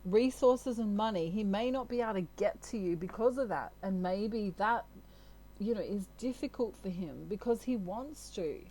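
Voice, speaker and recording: A woman's voice: mid-range voice, normal speed, warm tone, rough recording. A woman with an Australian accent, talking through a tarot reading in a casual, rambling way. She is chatty and giggly, with a mid-range voice. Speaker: tarot reader.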